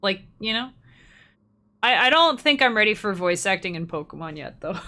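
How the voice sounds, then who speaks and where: This young streamer speaks in a sing-song, sharp, medium-pitched voice while playing a game live. Her talk is casual and chatty, aimed at her chat, and punctuated by quick laughs.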